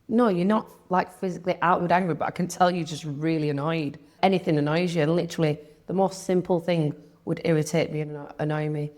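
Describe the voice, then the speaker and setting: A woman's voice: low-pitched, fairly even intonation, fast, few pauses, a little mellow. A young woman, talking candidly as an interview guest, chatty, with lots of "like" and quoted thoughts.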